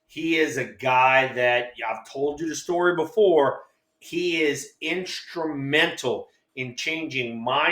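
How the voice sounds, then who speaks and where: Man in his 60s, co-host. Loud, excitable storyteller with a bright, forceful voice, roomy echo. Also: mid-range voice. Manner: animated, profane, acts out quotes in voices. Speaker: co-host, former ballplayer. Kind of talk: casual storytelling chat.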